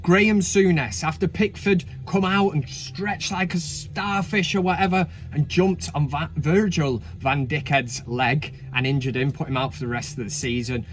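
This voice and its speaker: Cheeky, swearing man, slightly high voice. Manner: cheeky, swears freely, chatty asides. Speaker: host. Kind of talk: casual comedic countdown commentary.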